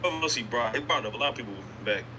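A man guesting on a casual podcast, relaxed, talking with many pauses and fillers. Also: mid-range voice, a crowd in the background. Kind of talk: casual chat. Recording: clear background noise.

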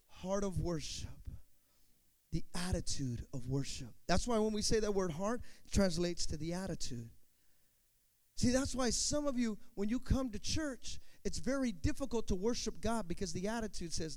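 A man preaching a sermon as pastor, moving from quiet asides to loud build-ups, acting out quoted voices and calling on the congregation to respond. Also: sits high. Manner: dynamic preaching, swinging from quiet to shouting.

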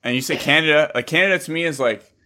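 A young man chatting casually, enthusiastic and quick to laugh. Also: a little high, bright, forceful tone. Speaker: co-host. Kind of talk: casual chat.

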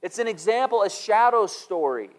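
Middle aged guy preaching, chatty and thinking out loud, gets louder to make a point. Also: expressive, moderate pace. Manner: conversational, musing, rises for emphasis and drops low for scripture. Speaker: pastor. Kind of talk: sermon.

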